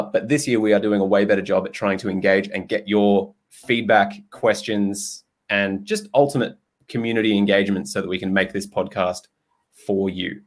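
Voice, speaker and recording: Chatty low-voiced male podcast host. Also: gravelly, husky. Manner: chatty and jokey, swears freely, laughs often. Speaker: podcast host and nutrition coach. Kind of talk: casual chat.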